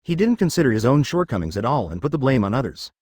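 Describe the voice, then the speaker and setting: A man giving scripted story narration in an even, synthetic-sounding reading. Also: medium pitch, fast, husky, no room sound, clean studio sound.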